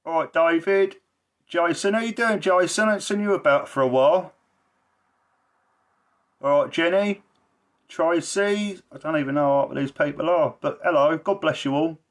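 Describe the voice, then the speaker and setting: A man's voice: on the high side, moderate pace, pauses often. Blunt, swearing man on a livestream. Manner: heavy swearing, blunt and emphatic; rambling, repeats himself. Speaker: livestreamer and social care campaigner. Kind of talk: casual livestream chat.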